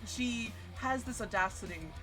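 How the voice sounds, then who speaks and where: A woman in her twenties streaming, telling a story in a casual, animated and profane way. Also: a little high, measured pace. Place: home streaming setup. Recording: stream audio with music underneath. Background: background music.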